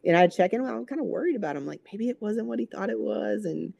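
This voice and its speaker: A woman, a recreational therapist, telling an emotional story in an interview, lively, acting out quoted voices with many fillers. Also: mid-range voice, fast, gravelly, no room sound.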